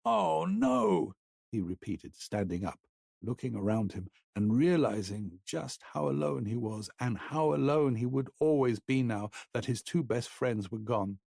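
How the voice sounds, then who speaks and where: A male narrator voicing a terrified young boy who cries and wails his pleas in a high, breaking voice. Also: moderate pace, gravelly, dark tone, slightly rough, no room sound, studio quality. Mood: sobbing. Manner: crying, repeating pleas in a high wail.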